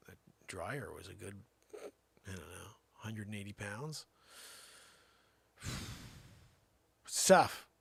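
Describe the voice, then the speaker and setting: A man spinning a rambling comic tall tale, his voice leaping up and down in pitch and swinging from shouts to hushed mutters. His tone is gravelly, and the sound is close and dry. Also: slow pace, long pauses, dry recording. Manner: animated storytelling, swinging between shouts and mutters. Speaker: comedy show host.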